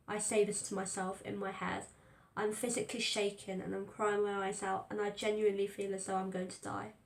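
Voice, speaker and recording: A woman reads a first-person story aloud, telling it in a tense, fearful way. Her voice is gravelly with a narrow, flat pitch. The recording carries a roomy echo. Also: fairly quick. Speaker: audiobook reader. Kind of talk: first-person dramatic fiction narration.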